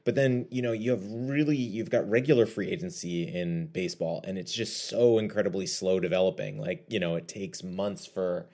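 Very deep-voiced man rambling on a podcast. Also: fairly even intonation, normal speed, hardly any pauses, dark tone. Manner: rambling, playful, filler-heavy. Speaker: podcast co-host. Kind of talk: casual podcast chat.

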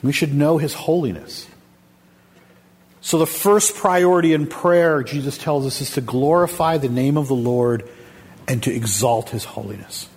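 A man's voice: medium pitch, unhurried, darkish tone, breathy edge. A man preaching a sermon to his congregation, speaking with emphasis and asking them rhetorical questions. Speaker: pastor. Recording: long hall reverb.

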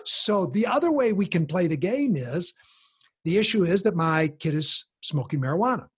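A man explaining a parenting approach in conversation, animated and acting out the voices of people he quotes. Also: high-pitched, normal speed, husky.

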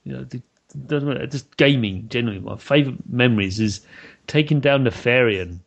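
A British man hosts a podcast interview, chatting enthusiastically and laughing a lot in casual conversation. His medium-pitched voice is fairly quick with some vocal fry, and the recording has its highs cut off.

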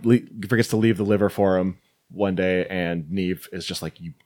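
A man's voice: deep voice, normal speed. A man co-hosting a podcast, casually recounting film scenes with quoted lines, laughing often and swearing. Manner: animated, swearing. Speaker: podcast co-host. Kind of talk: casual chat reviewing a film.

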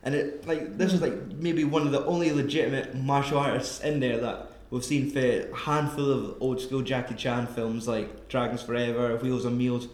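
A man's voice: medium pitch, fairly even intonation, normal speed, hardly any pauses, darkish tone, roomy sound. Sweary man reviewing a film. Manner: sweary, rambling, joking. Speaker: podcast co-host. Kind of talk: casual movie review chat.

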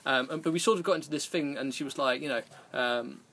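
A man's voice: mid-range voice, quick pace, fairly bright tone. A man hosting a podcast, telling a rambling, self-deprecating story in casual chat and laughing often. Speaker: podcast host.

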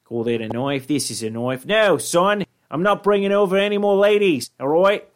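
A man putting on an exaggerated Australian accent, playing a gruff dad scolding his son. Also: high voice, lively intonation, normal speed, pitched above the performer's own voice. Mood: exasperated. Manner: mock-blustering, exaggerated.

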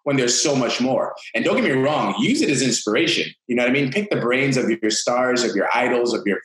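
A man's voice: mid-range voice, animated, fairly quick, a bit bright, echoey room, poor audio. A man who works as a fitness coach, giving upbeat, motivational answers in an interview. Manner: upbeat, motivational, talks in long flowing runs. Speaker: fitness coach, podcast guest.

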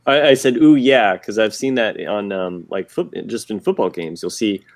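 A man co-hosting a podcast, telling a personal story in a rambling, halting way with many restarts. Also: fairly low pitch, no room sound. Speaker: podcast co-host. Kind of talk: casual chat.

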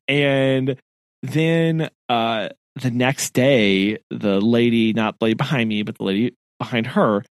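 A little slow and medium in pitch, this man co-hosts a podcast and shares a story in casual chat. He keeps it animated, laughs often, and performs the quoted voices. The recording is clean studio sound with no room sound.

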